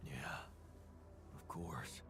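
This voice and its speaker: A calm, reassuring creator. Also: male voice, whispered, music in the background. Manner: soothing, measured, reassuring. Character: calm male creator, patient, reassuring guide. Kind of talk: video game voice acting.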